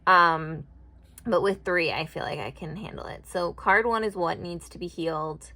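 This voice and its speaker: A woman's voice: lowish voice, moderate pace, fairly bright tone. A woman vlogging an oracle card reading, chatty and rambling as she thinks aloud. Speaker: tarot and oracle card reader. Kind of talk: casual card-reading vlog.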